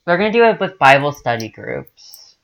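Deadpan podcast co-host. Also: mid-range voice, moderate pace. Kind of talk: casual comedic chat.

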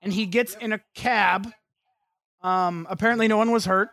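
A man's voice: high voice, steady tone, moderate pace, a bit bright. A man co-hosting a podcast, recapping a film in casual comedic chat and acting out scenes in silly voices.

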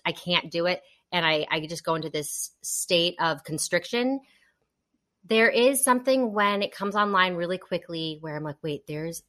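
A woman chats as a guest on a podcast, with a bright, forward tone over a slightly low pitch. She talks expressively and sinks to a soft, quiet voice when she describes how she feels. Her delivery is casual and open. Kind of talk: casual chat.

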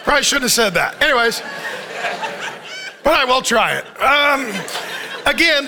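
A man's voice: very high-pitched, bright, forceful tone, a little hiss or hum. A male pastor preaching a sermon, telling the story with jokes and frequent laughter.

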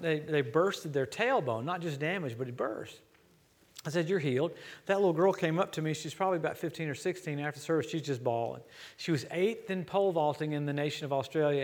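A middle-aged man from Louisiana, a traveling preacher giving a sermon in a church, telling stories with quoted dialogue. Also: fairly high pitch.

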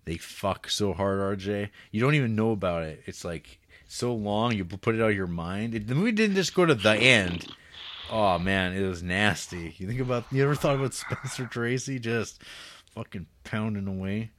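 A man's voice: lowish voice, expressive, normal speed, fairly bright tone. A man co-hosting a film podcast, talking casually and profanely, laughing and acting out scenes with sarcasm. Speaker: podcast co-host reviewing films.

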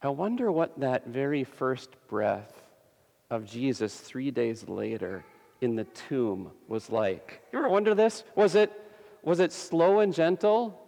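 A man preaching a sermon as a pastor, slow and emphatic with long pauses, his voice slightly gravelly. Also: medium pitch, warm tone, long reverb tail.

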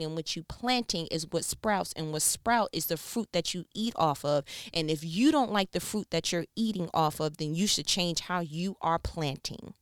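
A woman giving a conversational Bible teaching with lively, playful asides. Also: on the low side, dry recording, clean studio sound. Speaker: faith speaker.

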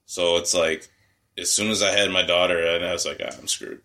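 Male co-host, 30s, low and forceful tone, wry exasperated storyteller. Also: flat delivery, a little fast. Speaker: podcast co-host. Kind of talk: casual chat.

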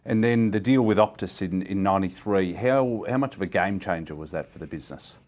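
A man's voice: sits low, fairly quick, darkish tone. A man asking brief prompting questions as the interviewer.

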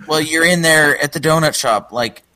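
A man's voice: on the high side, moderate pace, pushed and bright. A man co-hosting a comedy podcast, ranting in a profane, exasperated way. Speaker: podcast co-host. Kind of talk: casual comedic rant.

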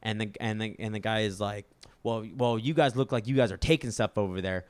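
A man's voice: fairly low pitch, a little fast, a little mellow, smooth, no echo. A young man co-hosting a podcast, telling a story in casual chat and acting out other people's lines.

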